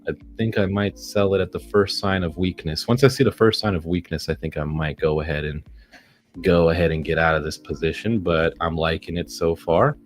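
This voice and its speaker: Deep-voiced man narrating his stock trades. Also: a little fast. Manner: excitable, swearing, talks to the chart. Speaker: day-trading vlogger. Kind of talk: casual live trading commentary.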